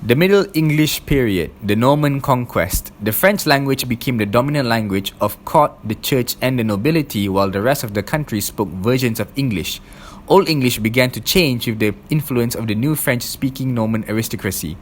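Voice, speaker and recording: Young male student presenter, average pitch, careful scripted read with light background noise. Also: expressive, fairly quick. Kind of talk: read-aloud class presentation.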